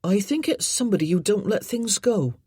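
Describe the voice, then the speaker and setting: A blunt young country lad, loyal and stubborn, with plain rough grammar and a lively, rising voice, played by a woman reading aloud. The sound is husky and close. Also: medium pitch, brisk, dry recording, pitched above the performer's own voice. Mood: explaining.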